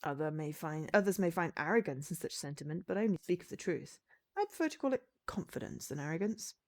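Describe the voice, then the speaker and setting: A woman's voice: fairly low pitch, lively intonation, fast. A woman voicing a proud young male warrior hero in a visual novel, grand and self-assured. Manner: grand, confident, slightly pompous. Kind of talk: visual novel read-aloud.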